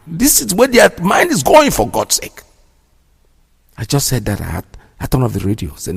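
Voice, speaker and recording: A man's voice: mid-range voice, wildly swooping pitch, normal speed, creaky, pauses often, breathy edge. A man hosting a radio show, giving indignant, preachy commentary and repeating himself for emphasis. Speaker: radio host. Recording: long hall reverb.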